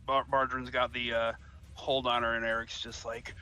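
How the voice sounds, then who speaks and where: A man's voice: mid-range voice, little pitch movement, normal speed, sharp tone, low-quality recording. A man playing a tabletop game, speaking casually and laughing often with the group. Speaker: player.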